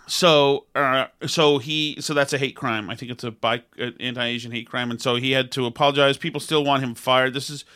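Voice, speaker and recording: A man's voice: mid-range voice, steady tone, normal speed, bright, forceful tone, clean tone. A man hosting a casual chat, sardonic and restarting his sentences often.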